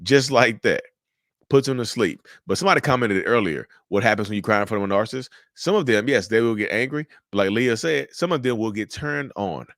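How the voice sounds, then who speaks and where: A man giving casual, animated commentary to his viewers, repeating his points and calling them y'all. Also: on the low side, a little fast, dry recording, clean studio sound. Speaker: mental health commentator.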